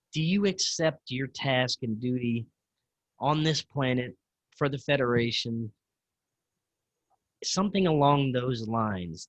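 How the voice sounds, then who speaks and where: Man, guest, mid pitch, earnest halting storyteller; dry, muffled recording. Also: no room sound. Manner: earnest, halting, with many fillers and restarts. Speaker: guest experiencer. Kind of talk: personal storytelling in an interview.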